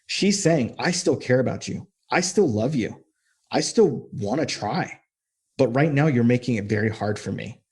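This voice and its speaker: A man's voice: mid-range voice, expressive, normal speed, darkish tone, husky. A man giving direct, profane relationship coaching as he walks through a text exchange. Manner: direct, profane, reads quoted texts aloud.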